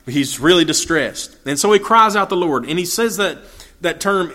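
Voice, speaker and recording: A man leads a verse-by-verse Bible study in a fairly high, bright and forward voice. He reads a passage and then walks through it in plain, homespun talk. He often stops to restart his sentences and uses many fillers. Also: expressive, normal speed. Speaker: Bible teacher.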